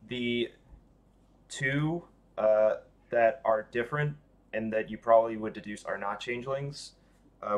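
Man running a tabletop game. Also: on the low side. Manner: loose, halting narration with many fillers. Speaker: dungeon master.

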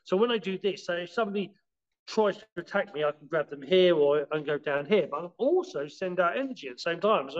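A high-pitched man talks casually as a podcast guest, teaching martial arts ideas in halting bursts. He trips over his words, restarts often, and leans on fillers as he explains. The audio is dull and lo-fi. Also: animated. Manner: halting, many restarts and "you know"s; explains by acting out scenes.

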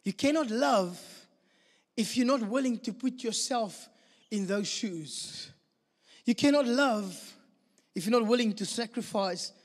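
Male pastor, high voice, storytelling sermon in a long-reverb hall. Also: measured pace. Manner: storytelling, lively and animated with laughter.

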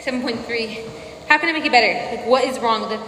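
Young woman, twenties, high voice, playful sing-songy live-stream chat, echoey room. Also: quick pace, fairly bright tone. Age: 20s. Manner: playful, sing-songy, breaks into humming and mock Spanish. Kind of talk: casual live-stream chat while walking on a treadmill. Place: indoor home room with treadmill. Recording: echoey room, slight hall tail, faint noise.

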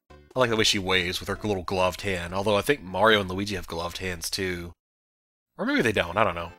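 A young man giving casual let's play commentary, rambling, then shouting at the game and apologizing. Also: on the low side. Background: game music.

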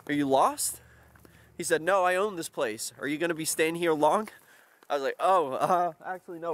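A man in his twenties talks casually to his viewers while walking outdoors, joking and wandering from one story to the next. He is recorded on a handheld camera mic in a quiet open field, and his voice sits at an ordinary mid pitch. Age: 20s. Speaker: vlogger. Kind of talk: casual vlog chat.

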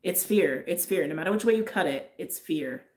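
A woman's voice: lowish voice, lively intonation, moderate pace. A woman giving a casual, chatty tarot reading, talking straight to her viewers with frequent "like"s. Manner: chatty, lots of "like", frequent laughs. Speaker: tarot reader.

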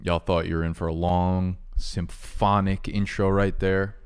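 A man running a fantasy football show in a loose, joking voice that sits a little low. He jumps from loud, excited bursts to quiet muttered asides. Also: measured pace, smooth. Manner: loud, playful, profane, swings between shouting and muttering. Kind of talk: casual video commentary.

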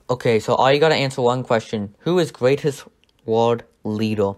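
A man's voice: medium pitch, normal speed, darkish tone. A man performing comedy skit lines, nervous and laughing.

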